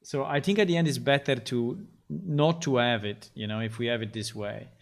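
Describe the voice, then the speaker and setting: A man who is a game developer, chatting casually on a livestream while he codes, halting and repeating himself with many fillers. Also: mid-range voice, gravelly.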